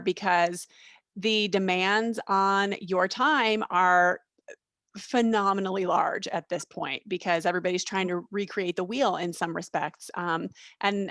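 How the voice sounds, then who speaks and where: Webinar host, woman, mid pitch, loose rambling talk, dry recording. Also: fairly bright tone, no room sound. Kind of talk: casual webinar chat.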